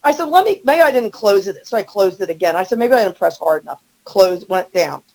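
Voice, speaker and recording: A middle-aged woman telling a story as a podcast guest, animated and acting out the quotes. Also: a little fast, low-quality recording. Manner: animated, acts out quotes with rising pitch. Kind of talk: storytelling in casual chat.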